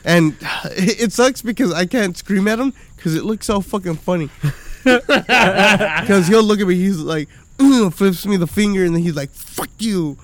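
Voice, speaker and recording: A middle-aged man with a rather high voice rambles through stories in a loose, drunken podcast chat. His talk is full of swearing, and he keeps circling back to the point. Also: normal speed, fairly bright tone, dry recording. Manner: profane, rambling storytelling. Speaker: podcast host.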